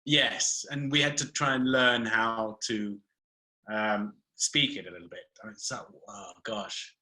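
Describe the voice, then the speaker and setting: A man's voice: lowish voice, fairly even intonation, unhurried, pushed and bright, low-quality recording. A man hosting a casual live video call chat, laughing often, chatty and playful.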